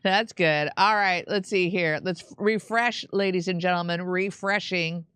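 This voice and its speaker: Bright-voiced chatty woman co-host. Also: on the low side, steady tone, clear, resonant tone, dry recording. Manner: chatty, halting, laughs often. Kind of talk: casual live-stream chat.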